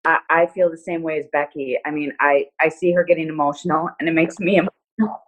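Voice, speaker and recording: A woman joining a group video call, sharing from the heart in a halting way with many fillers. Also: sits low, steady tone. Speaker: call participant, business owner. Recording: phone-like narrow sound.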